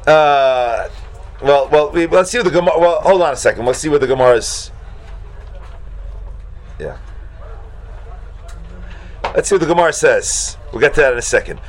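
A man teaching a Talmud class to students, animated, acting out shocked exclamations and talking casually with many fillers. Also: a little high, normal speed, pauses often.

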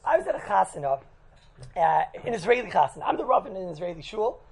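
An American rabbi with a high, creaky voice tells his congregation a funny story at a quick clip, his pitch swinging widely. He keeps it chatty, often checking in with "right?" and laughing at his own jokes. The audio quality is poor.

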